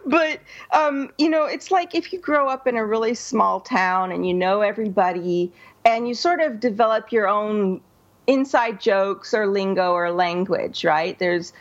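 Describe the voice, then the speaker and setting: A woman's voice: medium pitch, a little slow. Chatty woman on a lo-fi recording. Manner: chatty storyteller. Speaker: podcast co-host. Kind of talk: casual chat.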